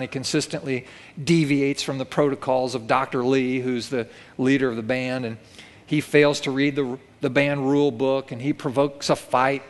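A man preaching a sermon, telling a story vividly and acting out the quoted lines. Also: medium pitch. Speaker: pastor. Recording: long reverb of a church hall.

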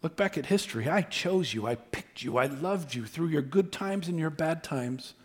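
A man preaching a sermon, speaking with animated intensity and acting out God's words with rising emphasis. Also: on the high side, moderate pace. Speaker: pastor.

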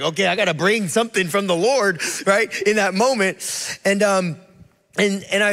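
A high-pitched man in his thirties preaches in a casual, storytelling way, acting out the people he quotes. His voice carries a long reverb from the church hall around him. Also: a bit bright. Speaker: guest preacher. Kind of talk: sermon.

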